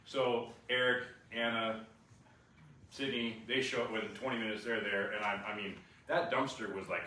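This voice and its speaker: A man sharing a personal testimony, animated and restless, full of fillers and restarts. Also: on the low side, moderate pace. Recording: echoey room, far from the mic, faint noise.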